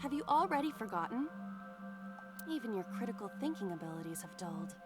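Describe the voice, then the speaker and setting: A woman voicing a calm female AI partner in a video game, explaining things in a composed, matter-of-fact way. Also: a little high, a little fast. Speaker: game character. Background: game music.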